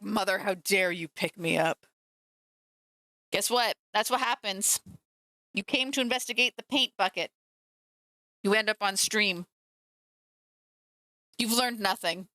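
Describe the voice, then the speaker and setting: A woman's voice: mid-range voice, measured pace, long pauses, sharp tone, clean tone, dry recording. A woman streaming as she paints miniatures, chatting casually and teasing her cat at home. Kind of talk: casual live-stream chat.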